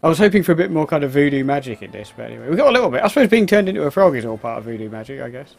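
Brief: man narrating gameplay casually, chatty and exclamatory, slightly high voice. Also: sing-song, rapid-fire, gravelly, a little mellow. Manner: rambling, exclaiming at the game, muttering asides. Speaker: gameplay commentator. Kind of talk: casual let's-play commentary.

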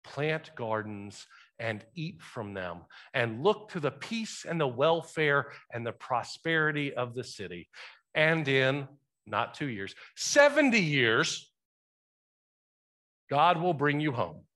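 Preaching from a church sanctuary, the man addresses his congregation conversationally and asks them questions. He is expressive, with a medium-pitched, bright, forceful voice and a measured pace.

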